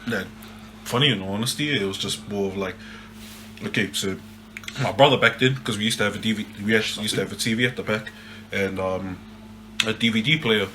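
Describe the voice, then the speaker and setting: A man's voice: lowish voice, a little fast, long pauses, slight background noise. A young man, casually telling a story on a podcast, swearing often and ending phrases with "eh". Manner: swears a lot, animated, ends phrases with "eh". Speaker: podcast co-host.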